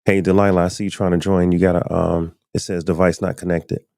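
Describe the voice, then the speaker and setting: Deep, mellow-voiced man hosting live. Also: flat delivery, a little fast, gravelly, no echo. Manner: loose and chatty, addresses viewers directly. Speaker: podcast host. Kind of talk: casual live-stream commentary.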